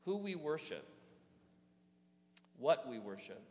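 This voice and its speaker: A man preaching a sermon as pastor, animated, often asking the congregation rhetorical questions. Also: fairly high pitch, takes it slowly. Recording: reverberant hall.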